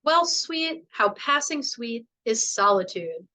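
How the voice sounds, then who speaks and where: Unruffled older nanny, slow and measured, bright voice, read by a woman. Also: fairly high pitch, big pitch swings, heavily acted, low-quality recording. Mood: calm. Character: calm older nanny who quotes poetry.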